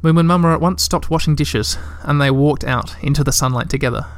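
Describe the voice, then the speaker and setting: A man reads a storybook aloud, calm and even. His voice sits a little high for a man. The recording is dry and close, with no room sound. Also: a little fast, no echo. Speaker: narrator.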